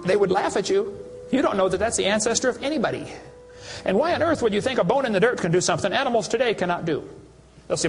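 A man's voice: high voice, lively intonation, quick pace, soft background music. A man giving a preaching lecture to an audience, telling folksy, mocking stories with acted dialogue. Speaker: creation science speaker.

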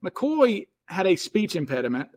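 A man from the American South hosting a podcast in a relaxed, conversational way. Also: high-pitched, unhurried. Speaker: podcast host. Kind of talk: casual podcast interview.

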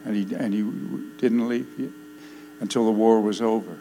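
Older man, preacher, dramatic sermon delivery, loud then hushed, faint mains hum behind. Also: lowish voice, steady tone, normal speed, poor audio.

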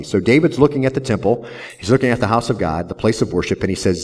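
A man's voice: on the low side, lively intonation, fairly quick, darkish tone. A man pastor preaching a verse-by-verse sermon in an earnest manner, often tagging "see?" onto his points.

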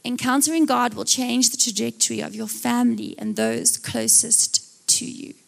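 A woman preaching a live church sermon, acting out Bible scenes in lively voices. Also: a little high, moderate pace, vocal fry.

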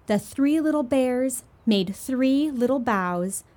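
Slow, sing-song woman storyteller. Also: sits high, expressive, a little mellow. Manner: sweet, sing-song and unhurried. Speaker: children's storyteller. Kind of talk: reading a picture book aloud to children.

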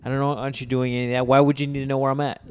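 A man's voice: medium pitch, very fast, clear, resonant tone. A man in his thirties hosting a podcast, chatting casually and ranting with plenty of swearing. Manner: profane, animated ranting. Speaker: podcast host. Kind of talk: casual chat.

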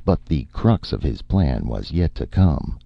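Deep gravelly dude reading a story, husky, dry muffled audio. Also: male voice, big pitch swings, measured pace, no echo. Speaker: audiobook narrator. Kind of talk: scripted narration.

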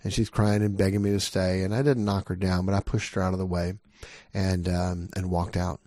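Earnest middle-aged male pastor, low voice. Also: flat delivery, brisk, dark tone, no room sound, clean studio sound. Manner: earnest, emphatic preaching with repeated rhetorical questions. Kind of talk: sermon.

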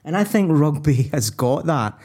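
A man's voice: a little high, animated, normal speed, warm tone. A man co-hosting a sports podcast, rambling and restarting as he thinks aloud. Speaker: podcast co-host. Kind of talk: casual sports chat.

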